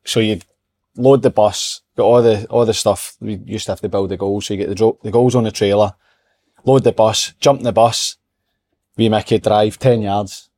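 Easygoing Scottish ex-footballer. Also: male voice, lowish voice, fairly even intonation, moderate pace, warm tone. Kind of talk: casual football chat.

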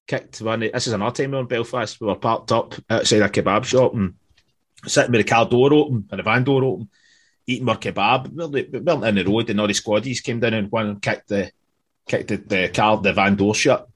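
A man's voice: lowish voice, brisk, breathy edge. A man telling sweary, laughing stories in casual chat as a band member on a podcast. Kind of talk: casual storytelling.

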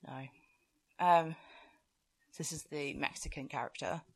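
A woman's voice: low-pitched, fairly even intonation, a little slow, breathy edge. A woman co-hosting a podcast, recapping a film in casual, giggly chat and swearing freely. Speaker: podcast co-host.

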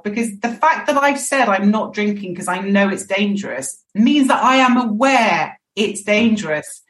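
A woman's voice: medium pitch, lively intonation, moderate pace, few pauses, reverberant. A woman in her forties, a podcast guest talking candidly and reflectively in casual conversation.

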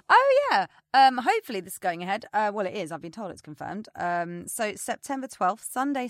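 A woman's voice: mid-range voice, no echo, clean studio sound. A woman co-hosting a podcast in casual chat, talking in a rambling way full of fillers. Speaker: podcast co-host.

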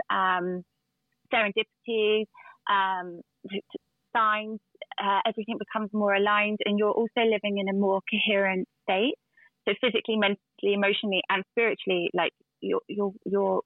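A woman's voice: mid-range voice, level tone, normal speed, dry recording. A woman guest in casual chat, telling stories earnestly with many fillers and restarts. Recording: dry tinny phone-like line.

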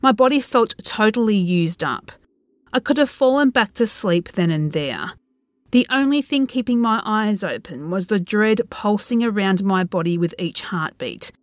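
A woman reads a first-person horror story aloud in a tense, dread-filled way. Her pitch moves a lot as she tells it. The recording is dry and close, with no room sound. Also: animated, normal speed, no echo. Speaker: narrator.

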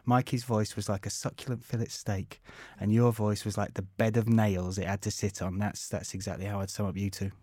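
A man's voice: on the low side, little pitch movement, fairly quick, dark tone, no room sound, studio quality. A man in his forties hosting a podcast, chatting casually with jokey, rambling banter. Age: 40s. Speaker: podcast host. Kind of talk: casual chat.

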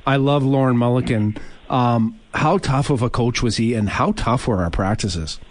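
A man's voice: mid-range voice, a little slow, dry recording. A man co-hosting a sports radio show, chatting with a guest and asking long, rambling questions. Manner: conversational, asks long questions. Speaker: radio co-host. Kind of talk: casual chat.

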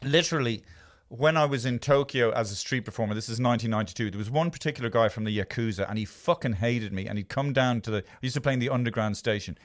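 This fast-talking podcast host, a man in his fifties, barely pauses as he chats casually in a studio. In a mid-range voice, he wanders through anecdotes, cursing a lot and poking fun at himself.

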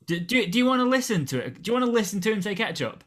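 A man co-hosting a podcast, chatting in a blunt, animated way with plenty of swearing. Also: sits high, very fast. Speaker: podcast co-host. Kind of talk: casual chat.

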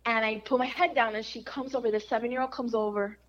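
A woman chatting casually on a podcast, telling lively family stories and slipping in Spanish phrases. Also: a little high, fast talker. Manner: animated storyteller, mixes Spanish phrases. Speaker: radio host guest. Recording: dull lo-fi audio.

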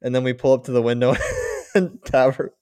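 A man's voice: medium pitch, a little fast, darkish tone, clear, resonant tone, dry recording, clean studio sound. A man in casual podcast chat, joking and laughing as he tells a story. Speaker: podcast guest.

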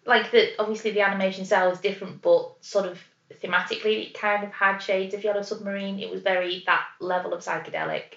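A woman's voice: medium pitch, fairly even intonation, gravelly, a bit bright. Wry woman in an echoey room. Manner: quick wry asides. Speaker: podcast co-host. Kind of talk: casual chat. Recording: echoey, dull room sound.

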